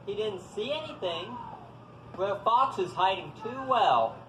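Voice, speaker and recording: A man telling folktales live to an audience, animated and coaxing listeners to join in. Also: sits high, unhurried. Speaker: storyteller. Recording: echoey hall, faint background noise.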